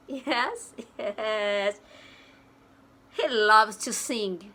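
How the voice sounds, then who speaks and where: A woman teaching English to young children, talking slowly and imitating animal sounds. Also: on the high side, big pitch swings, pushed and bright. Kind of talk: online lesson for children.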